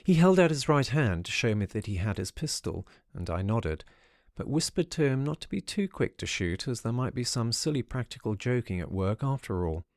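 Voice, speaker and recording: A man narrating a first-person ghost story audiobook in a measured storytelling manner. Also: mid-range voice, very animated, dry recording, clean studio sound.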